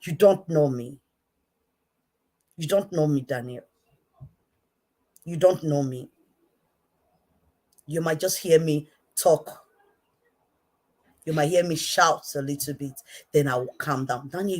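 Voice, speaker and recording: Low-voiced Nigerian woman ranting. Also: expressive, slow, pauses often. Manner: repetitive, emphatic, swinging from quiet to shouting. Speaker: online commentator. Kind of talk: impassioned direct-to-camera rant.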